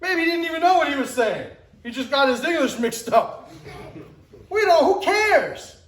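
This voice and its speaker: A man's voice: animated, a little fast, echoey room, rough recording. A man in his forties giving a motivational talk, emphatic and acting out little scenes as he speaks. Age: 40s. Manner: emphatic, acts out scenes with rising pitch and shouts.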